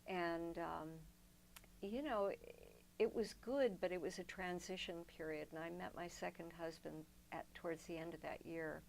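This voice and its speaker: Gravelly-voiced older woman telling her story. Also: lowish voice, steady tone, normal speed, slight background noise, rough recording. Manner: reflective, tells long personal stories with many restarts. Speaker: interview guest. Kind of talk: storytelling in a sit-down interview.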